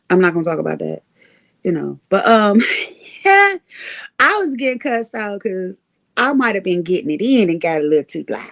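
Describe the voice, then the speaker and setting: A woman hosting a livestream, telling stories in an animated way, laughing often and swearing freely. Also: mid-range voice, gravelly. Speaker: livestream host. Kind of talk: casual storytelling chat.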